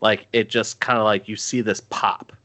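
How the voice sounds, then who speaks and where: A man with a lowish voice talks casually as a podcast co-host. He wanders through his thoughts, full of ums, likes and restarts. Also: little pitch movement, moderate pace, sharp tone. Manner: rambling, many fillers and restarts. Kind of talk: casual chat.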